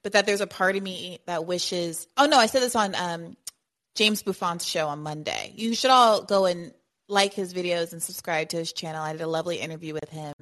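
A woman's voice: on the low side, a bit bright. A woman hosting a call-in podcast, talking casually, laughing often and cutting herself off mid-thought. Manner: quick, laughs often, self-interrupting. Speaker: podcast host.

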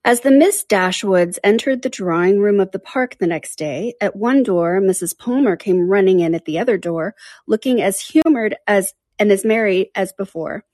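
A woman's voice: mid-range voice, moderate pace, darkish tone, no echo. Woman narrating a classic novel, dry sound. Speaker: audiobook narrator.

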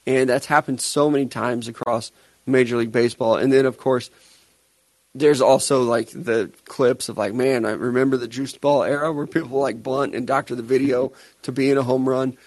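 A man's voice: medium pitch, steady tone, moderate pace, a little mellow, dry recording. A young man co-hosting a podcast, chatting casually and teasing his co-host with plenty of laughter. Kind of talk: casual chat.

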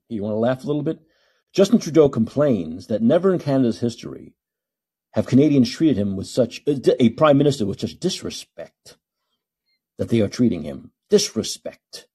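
A man's voice: medium pitch, animated, brisk, dark tone, slightly rough. A middle-aged man hosting a solo podcast, ranting in a combative, sarcastic way. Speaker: podcast host. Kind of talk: solo call-in podcast commentary.

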